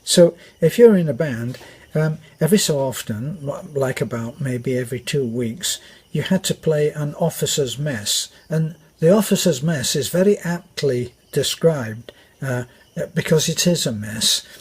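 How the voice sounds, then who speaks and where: A man's voice: fairly high pitch, animated, a little slow, darkish tone, slightly rough. An older British man with a British accent telling a meandering army story with many fillers and restarts. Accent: British English. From Britain. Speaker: vlogger. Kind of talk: rambling anecdote.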